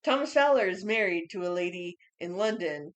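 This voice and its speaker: A woman's voice: on the low side, lively intonation, moderate pace. Laid-back woman recapping a movie. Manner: laid-back recapping, echoes co-host's lines. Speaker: podcast co-host. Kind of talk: casual movie discussion.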